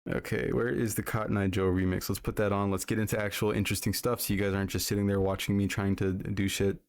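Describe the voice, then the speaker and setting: A man streams live from his desk mic, rambling through casual chat and swearing heavily. His voice is fairly low and level, and he speaks fast.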